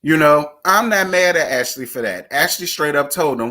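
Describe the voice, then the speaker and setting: A man's voice: on the high side, animated, normal speed, hardly any pauses, sharp tone. A man, sassy and dramatic as he chats casually about reality TV gossip. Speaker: gossip vlogger.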